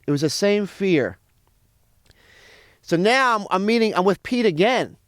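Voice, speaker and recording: A man's voice: sits high, measured pace, no room sound, studio quality. A man, a comedian guest telling a profane story in casual chat and acting out what others said. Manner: animated, profane, acts out other people's lines.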